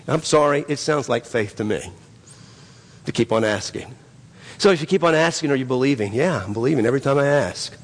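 A man's voice: a little high, animated, moderate pace. A man preaching a sermon as pastor, emphatic and repetitive, with frequent restarts. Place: church sanctuary. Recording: long reverb of a church hall.

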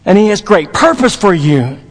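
High-voiced emphatic preacher in a hall. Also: male voice, big pitch swings, moderate pace. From Dallas, Texas. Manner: emphatic, repetitive, with folksy humor. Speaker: pastor. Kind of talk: sermon.

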